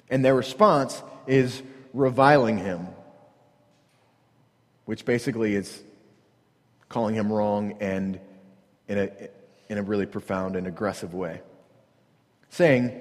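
A man's voice: mid-range voice, a little slow, long pauses, in a large hall. A man preaching a sermon as pastor, earnest and repetitive, pressing his point with rhetorical questions.

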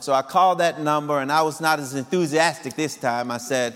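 A man in his fifties telling a personal story to an audience of singles in an animated way, often laughing. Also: a little high, fairly quick, few pauses, long reverb tail. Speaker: speaker addressing singles.

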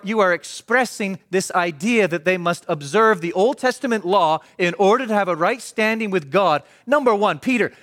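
A man preaching a sermon, asking the congregation questions and answering them himself, swinging from emphatic to hushed. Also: high-pitched.

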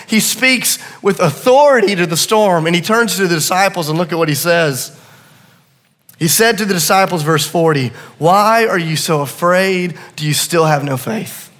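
A middle-aged man preaching a sermon, swinging between hushed asides and rising urgency. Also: high voice. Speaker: pastor. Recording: long reverb of a large hall.

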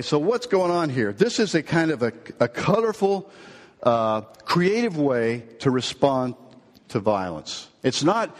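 A male pastor giving an earnest sermon, telling a story, then rising to emphatic points and dropping low and slow. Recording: long reverb of a large hall.

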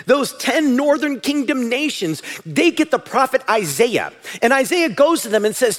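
A man preaching a sermon as pastor, animated and at times shouting. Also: very high voice, moderate pace.

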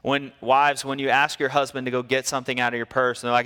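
A man preaching a sermon, telling stories in a lively way and acting out the people in them. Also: medium pitch, fast talker, hardly any pauses, smooth, long reverb tail. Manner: storytelling, animated, acts out quotes. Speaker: pastor.

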